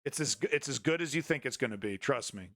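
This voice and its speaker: A man's voice: medium pitch, expressive, fast, a loud crowd. A man hosting a casual political commentary stream, blunt and rambling, swearing freely between clips. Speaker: news commentary host.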